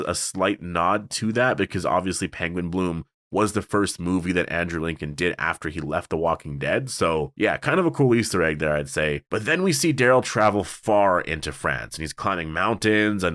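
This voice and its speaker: Casting: low-voiced male show reviewer, chatty and rambling, dry close mic. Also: lively intonation, moderate pace, few pauses, fairly bright tone, no room sound. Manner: rambling, many fillers and restarts. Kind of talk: casual solo review.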